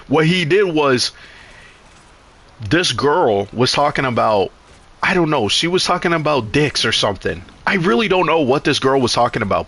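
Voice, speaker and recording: A man streaming live who tells a story in a loose, rambling way, full of swearing and restarts. His voice is bright and forceful. He sits at a middle pitch. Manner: animated, profane, rambling with restarts.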